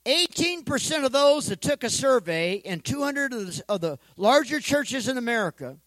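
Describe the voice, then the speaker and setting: A male pastor preaching an energetic sermon, calling for responses from the congregation and joking in between. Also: very high-pitched, moderate pace, dry recording, poor audio. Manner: joking asides.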